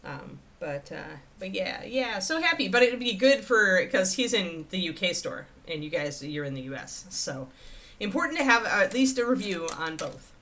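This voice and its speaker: Chatty woman with a bright, lively voice. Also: mid-range voice, moderate pace, slight background noise. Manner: chatty, rambling, talks to the chat and her dog. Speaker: host of a miniature painting livestream. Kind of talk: casual livestream chat.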